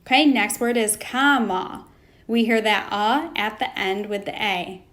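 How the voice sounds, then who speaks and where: A woman teaching a phonics lesson to young children, pausing for answers and praising them. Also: mid-range voice, fairly bright tone. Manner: slow, patient, prompting pauses for answers.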